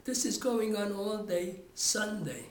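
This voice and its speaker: An older man takes his time, his high-pitched voice rambling through family stories as a father in an oral history interview, with many restarted sentences. There's a roomy echo and a little hiss or hum on the track.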